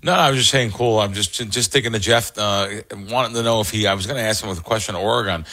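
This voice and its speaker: A man's voice: fairly low pitch, quick pace, sharp tone. A man who is a sports handicapper on a radio show, asking casual, rambling questions.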